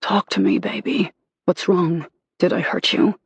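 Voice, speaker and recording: An audiobook narrator voicing a possessive, tender adult husband with low, commanding murmurs. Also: big pitch swings, unhurried, vocal fry, breathy edge, no room sound, full character voice.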